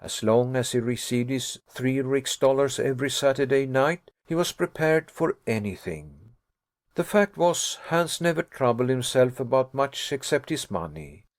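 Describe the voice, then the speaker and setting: A man narrating an audiobook in a measured, formal reading manner. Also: mid-range voice, lively intonation, no room sound, clean studio sound.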